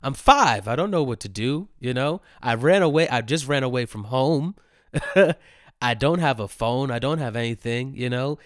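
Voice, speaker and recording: A man's voice: medium pitch, expressive, moderate pace, no room sound, studio quality. A man in his thirties hosting a casual solo storytelling show, laughing often and repeating phrases for effect. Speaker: host.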